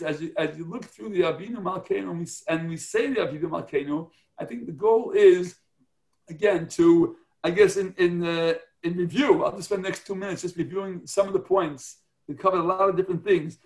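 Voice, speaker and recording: High-pitched guy giving a religious class, earnest, explains things step by step. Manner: earnest, explanatory, checks in with "right?". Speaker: teacher of a prayer class.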